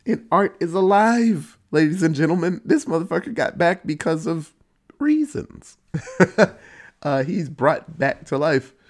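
A man giving a casual, profane recap of a horror movie, telling it in an animated way with sudden jumps in pitch. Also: unhurried. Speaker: movie reviewer.

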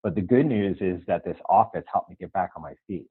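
A man's voice: deep voice, fairly quick, slightly rough, dry recording, phone-quality sound. A man telling the story of his life in an interview, earnestly acting out the dialogue and asking "right?" again and again. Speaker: guest.

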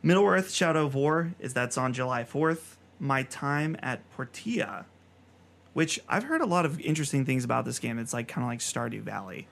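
Male podcast host, gravelly, casual and chatty while reading news items. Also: medium pitch, animated, fairly bright tone. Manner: reads news items rapid fire, chatty. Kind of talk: casual chat.

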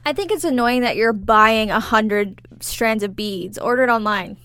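A woman's voice: a little high, moderate pace, fairly bright tone. A young woman who works as a hairstylist, co-hosting a podcast in blunt, riled-up casual chat.

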